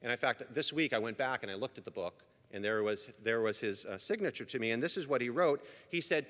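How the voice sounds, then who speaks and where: Male pastor, sermon; bright, animated delivery, conversational and earnest; big reverberant church hall. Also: mid-range voice, a little fast, few pauses. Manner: earnest, conversational preaching with frequent restarts. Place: church sanctuary. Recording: long reverb of a large hall.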